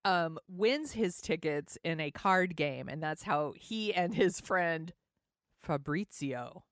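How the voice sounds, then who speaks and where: A woman's voice: fairly low pitch, animated, takes it slowly, clear, resonant tone, no echo. A woman co-hosting a podcast, chatting casually about a movie with wry, teasing asides, close to the mic. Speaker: podcast co-host.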